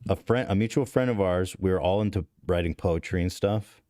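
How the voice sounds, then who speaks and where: A man's voice: deep voice, fairly quick, mellow, dry recording, clean studio sound. A man in his thirties hosting a podcast, telling a story in a rambling, profane, self-interrupting way. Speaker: podcast host. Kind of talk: casual confessional storytelling.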